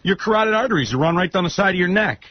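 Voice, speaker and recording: A man's voice: sits high, lively intonation, fast, no echo. A man on a radio talk show, talking earnestly and rambling with lots of restarts. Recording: dull lo-fi radio broadcast.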